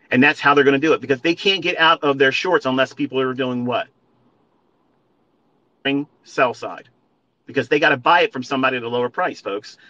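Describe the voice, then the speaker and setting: Man, bright forceful voice, profane emphatic rant, repeats himself, dull lo-fi sound. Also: medium pitch. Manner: profane, emphatic, repeats points, addresses listeners as folks. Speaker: trading educator. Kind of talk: ranting monologue on a live audio space.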